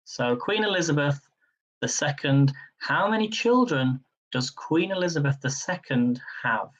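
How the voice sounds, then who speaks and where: A man hosting a live-streamed general knowledge quiz. He chats casually between questions, then reads each question slowly and repeats it. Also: fairly high pitch, lively intonation, recorded from a distance, muffled recording. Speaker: quiz host.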